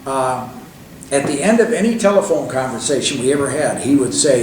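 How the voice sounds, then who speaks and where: A man's voice: medium pitch, lively intonation, brisk, a little mellow. Older man telling stories in an echoey room. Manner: loose and conversational, many fillers and restarts. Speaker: interview guest. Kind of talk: rambling anecdotal storytelling. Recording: echoey room, distant mic, faint hiss.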